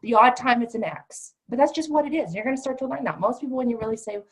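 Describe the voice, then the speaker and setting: A woman's voice: fairly high pitch, fast talker, poor audio. A middle-aged woman coach teaching a certification class in a conversational, emphatic way, sometimes acting out what her clients say. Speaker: coach trainer.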